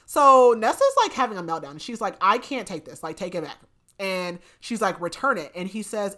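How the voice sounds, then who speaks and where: In a brisk, medium-pitched voice with a bit of brightness, a young woman co-hosting a podcast chats casually through a fantasy novel recap. She laughs a lot and fills her sentences with "like."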